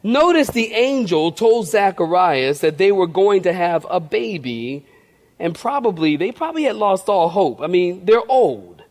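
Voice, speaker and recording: A male pastor preaching a sermon with humorous, animated storytelling. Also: sits high, unhurried.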